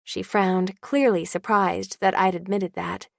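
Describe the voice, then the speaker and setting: Woman, audiobook narrator, calm and even, dry close sound. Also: medium pitch, unhurried, vocal fry, few pauses, dry recording. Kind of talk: first-person audiobook narration.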